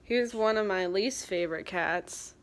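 A woman's voice: medium pitch, measured pace. A young woman vlogging at home, teasing her cat in a playful, cooing baby-talk voice. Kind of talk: casual home vlog.

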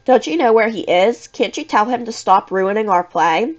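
A woman's voice: medium pitch, animated, normal speed, natural voice. A woman voicing a nasty schoolgirl who talks in a sneering, accusing way.

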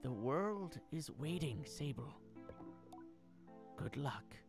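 A man voicing a gentle woman's farewell message, lively and gravelly. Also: a little high, takes it slowly, pitched above the performer's own voice, exaggerated voice. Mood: tender farewell. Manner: warm, wistful and reassuring. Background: game music.

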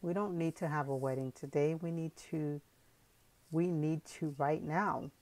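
A woman voicing a brisk, decisive middle-aged father in an audiobook. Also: sits low, fairly even intonation, darkish tone, no room sound. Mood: hearty.

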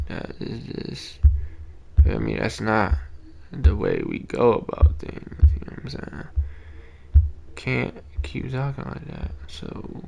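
A man's voice: mid-range voice, creaky. A man streaming a video game, chatting casually and in slang with his viewers and jokingly scolding them. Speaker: gaming streamer. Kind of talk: casual live-stream chat while playing.

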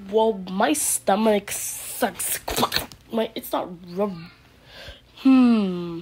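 A woman's voice: mid-range voice, drawn-out words, pauses often, background noise. A woman improvising a goofy skit, playfully switching between silly voices and bursts of nonsense sounds. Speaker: video creator. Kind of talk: goofy improvised play-acting.

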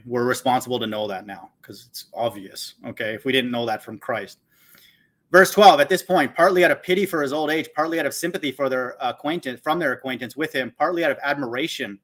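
A man's voice: medium pitch, a bit bright. A man hosting a Bible channel, reading scripture aloud and commenting on it in a blunt, scornful way, repeating "okay" between his points. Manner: blunt and insulting, mocks listeners.

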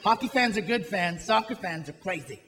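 A man's voice: high-pitched, expressive, moderate pace, big-room sound. A male stand-up comedian making sardonic, mocking observations on stage. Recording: live club, loud crowd laughter.

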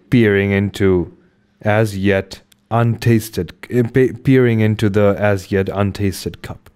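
A man reading a classic novel aloud, carefully and unhurried, then chatting casually to listeners. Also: fairly low pitch, steady tone, darkish tone, clean tone. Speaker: audiobook reader. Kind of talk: amateur audiobook reading and casual sign-off.

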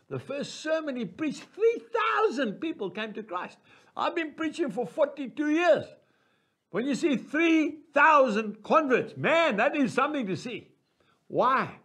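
A man's voice: sits high, fairly bright tone. An older man preaching a sermon, telling stories with animation and acting out the voices of the people he quotes.

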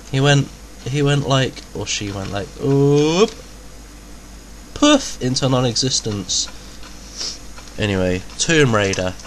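A man's voice: mid-range voice, a little hiss or hum. A man with a cold and a slightly nasal voice, chatting casually and joking through a let's-play. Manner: chatty, joking, exclaiming at the game. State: has a cold, a bit nasal. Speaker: gaming video host.

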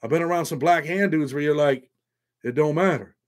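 Male stream host, talks loose and salty off the cuff, voice on the higher side. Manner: rambling, profane, quick asides, reads donations aloud. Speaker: livestream host telling prison stories. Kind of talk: casual live chat with viewers.

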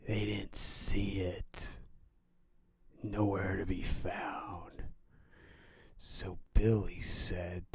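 Slow, whispery spooky storyteller man. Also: low-pitched, little pitch movement, husky, no room sound, studio quality. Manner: half-whispered, rambling, with fillers.

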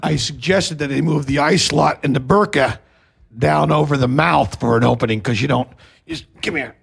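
Gravelly husky comic man. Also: on the high side, normal speed. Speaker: comedian guest. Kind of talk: casual comedic banter.

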